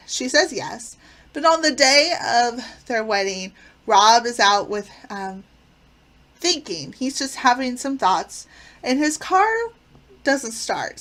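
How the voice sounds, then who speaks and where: A woman's voice: on the high side, a bit bright. A woman casually reviewing favorite sitcom episodes, retelling plots with enthusiasm and frequent fillers. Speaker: channel host.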